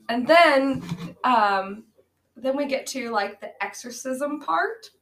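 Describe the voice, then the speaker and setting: A woman co-hosting a casual movie-review podcast, recapping a bad film with sarcasm, frequent laughter and swearing. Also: high voice. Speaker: podcast co-host. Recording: echoey room, amateur audio.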